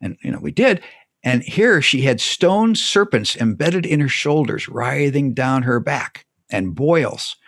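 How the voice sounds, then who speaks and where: A man on a talk show telling stories about scripture with emphatic, animated delivery and frequent restarts. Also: mid-range voice, a little slow, no room sound, studio quality. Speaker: guest speaker on theology. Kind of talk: animated conversational storytelling.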